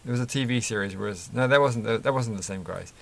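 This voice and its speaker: A man talks in a loose, rambling way, chuckling and correcting himself as he goes. His voice sits low with a gravelly fry to it. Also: fast talker. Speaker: Lego build vlogger. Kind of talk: casual chat while building.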